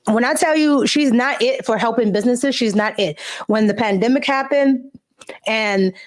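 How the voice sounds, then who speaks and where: Female host, sassy and slangy, slightly high-pitched. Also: normal speed. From of Cuban family. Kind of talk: opinion commentary.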